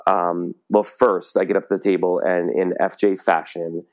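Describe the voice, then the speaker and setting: A middle-aged man telling a personal story in casual chat, animated and laughing often. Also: low-pitched, moderate pace.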